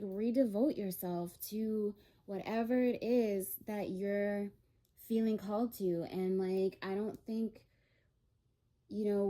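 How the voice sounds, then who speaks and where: Slow, mellow-voiced woman tarot reader. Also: medium pitch. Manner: rambling, many fillers and restarts; earnest and reassuring. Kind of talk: casual spiritual reading.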